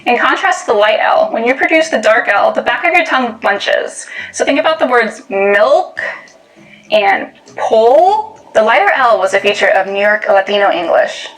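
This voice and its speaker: A woman explaining speech sounds in a clear, instructive way. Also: on the high side, animated, brisk, few pauses, fairly bright tone, soft background music, poor audio. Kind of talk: explanatory narration.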